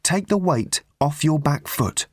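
A man's voice: a little high, animated, unhurried, no room sound, studio quality, voice pushed up. A man voicing an eager young man who coaxes and urges someone along. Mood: urging. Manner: eager, coaxing.

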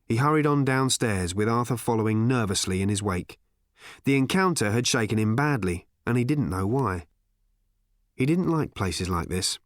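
Scripted audiobook narration comes from a man whose mid-range voice moves at a moderate pace with expressive storytelling. The studio sound is clean, with no room sound.

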